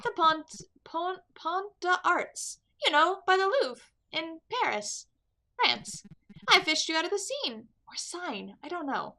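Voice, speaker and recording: A woman's voice: very high voice, expressive, takes it slowly, sharp tone, pitched above the performer's own voice, full character voice. A woman voicing a friendly male kingfisher fisherman in a game, who chatters eagerly. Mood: caring. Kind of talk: game dialogue read aloud.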